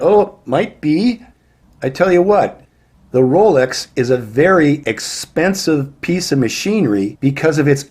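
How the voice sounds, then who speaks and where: A man's voice: medium pitch, a little mellow, breathy edge. A man preaching a warning sermon, emphatic and firing rhetorical questions at his listeners.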